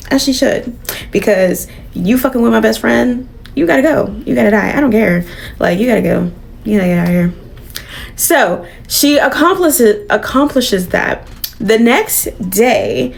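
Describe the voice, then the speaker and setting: A woman retelling a comic story in a casual, animated way. She swears freely and talks at a middling pitch. Her delivery is loose and conversational. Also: gravelly. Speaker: comic book reviewer. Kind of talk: casual recap.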